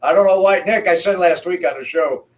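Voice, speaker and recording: A man co-hosting a sports podcast, telling stories in animated casual chat and often saying "man". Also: sits high, fairly quick, distant mic. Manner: animated storyteller, peppers talk with "man". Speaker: podcast co-host.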